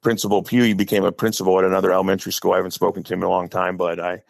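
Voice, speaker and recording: A middle-aged man with an Upper Midwest accent, talking low and gravelly as he spins a chatty, rambling story. His voice sits fairly deep and close to the mic in a dry, dead room. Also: flat delivery, rapid-fire, no room sound, soft background music. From Wisconsin. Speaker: guest, high school head football coach. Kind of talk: casual podcast storytelling.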